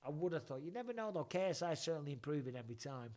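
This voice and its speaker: A middle-aged English man with a somewhat high voice hosts a casual live chat. He rambles through long anecdotes and swears freely. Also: very animated, racing, darkish tone. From England. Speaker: podcast host.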